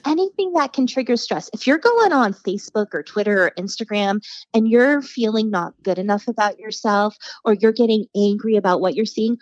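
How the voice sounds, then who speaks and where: Lively storytelling woman, dry dull sound. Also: medium pitch, a little fast, no room sound. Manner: animated storyteller, acts out quoted voices. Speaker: podcast guest. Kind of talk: casual chat.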